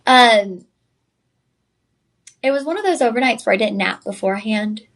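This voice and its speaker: A woman's voice: fairly high pitch, expressive, moderate pace, a bit bright. Effusive woman selling jewelry live. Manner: chatty, effusive, addresses viewers directly. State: tired. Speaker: shopping channel host. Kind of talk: live TV shopping presentation.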